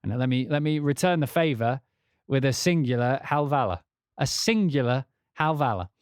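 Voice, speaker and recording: A man's voice: mid-range voice, lively intonation, moderate pace, darkish tone, smooth, no room sound, clean studio sound. An English man, a composer, chatting casually on a livestream in a rambling, profane way, often restarting his sentences.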